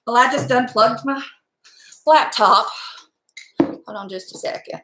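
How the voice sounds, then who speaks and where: Chatting away as she crafts a wreath on her livestream, this middle-aged vlogger is outspoken, chatty and mildly profane. Her voice is fairly high, a bit bright and a little slow, with some hiss or hum over the echoey sound of her home room.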